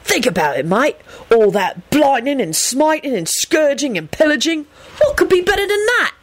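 A woman's voice: high voice, big pitch swings, normal speed, background noise, voice pushed up. A woman reading an audiobook, voicing a brash, argumentative young man who swears a lot. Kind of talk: audiobook narration.

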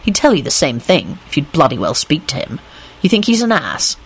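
A woman voicing a blunt, sardonic man who speaks gruffly and curtly. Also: sits low, wildly swooping pitch, brisk, exaggerated voice. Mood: cold.

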